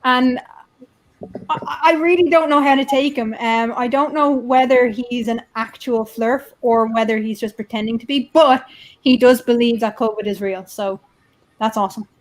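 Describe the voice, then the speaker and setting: Dublin irish woman, casual chat host, fairly high voice, stammers and repeats herself. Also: moderate pace. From Ireland. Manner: chatty, stammers and repeats herself, laughs often.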